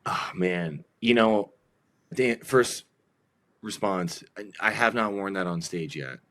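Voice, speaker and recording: A man's voice: low-pitched, takes it slowly. A man talking as a guest on a podcast, rambling casually with lots of fillers and acted-out quotes. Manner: rambling, animated, many fillers. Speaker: guest, band vocalist.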